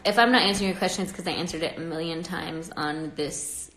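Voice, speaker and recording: A young woman with a fairly low voice talks fast on her casual livestream, with reverb and background noise in the audio. She's pregnant and a bit stuffy-nosed, rambling chattily to viewers, laughing frequently, and becoming animated when irritated.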